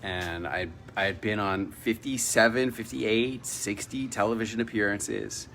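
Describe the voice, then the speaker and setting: A middle-aged man hosting a casual vlog from his home, telling a personal story with lively delivery and acted-out dialogue. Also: lowish voice, measured pace, a little hiss or hum. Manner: animated storyteller, acts out quoted dialogue. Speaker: vlog host. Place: home in Mexico.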